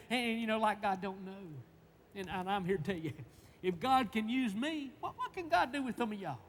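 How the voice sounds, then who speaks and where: A man preaching a sermon, stammering and repeating words in folksy, emphatic speech that swings from loud to hushed. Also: high voice, expressive, a little fast. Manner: emphatic, swinging between shouts and hushed tones. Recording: long reverb, faint background noise.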